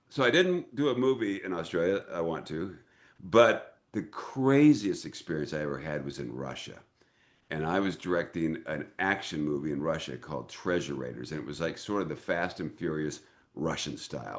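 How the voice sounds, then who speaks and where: An older American man, an actor and director, telling lively anecdotes in an interview and acting out the voices in them. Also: low voice. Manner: animated storyteller who acts out quoted voices. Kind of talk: casual interview storytelling.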